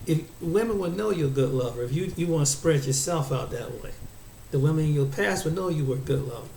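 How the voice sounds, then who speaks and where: A man delivers a preachy, unscripted monologue to his viewers, stumbling and restarting his phrases. His voice sits a little high with a soft, mellow tone. The room has an echo and faint ambient noise behind him. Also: animated, fast, gravelly. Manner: preachy, repeats and restarts words often. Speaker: commentator. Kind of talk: casual opinion monologue.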